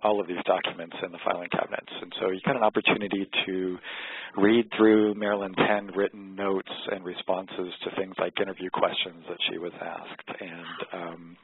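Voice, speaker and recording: A man calling in to a radio interview as a guest collector, answering in a measured, modest way. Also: low voice, flat delivery, breathy edge, no echo. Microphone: telephone. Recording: tinny phone line on radio.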